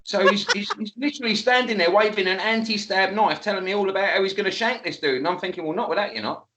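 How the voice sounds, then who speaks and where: A man's voice: high voice, fast talker, pushed and bright, reverberant. A man, telling a story as a guest in casual chat, laughing often and swearing freely.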